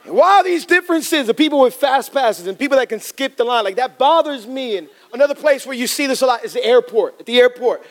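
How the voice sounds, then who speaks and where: A man preaching to a congregation as pastor, telling funny stories in an animated way. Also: extremely high pitch, fast, few pauses. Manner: humorous, animated storytelling to a congregation. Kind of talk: sermon. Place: church in front of a congregation.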